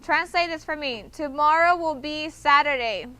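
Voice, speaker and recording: A woman's voice: high-pitched, moderate pace, sharp tone. A woman teaching a Spanish class to students, patient and explaining step by step, often checking in with "okay?". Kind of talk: classroom instruction.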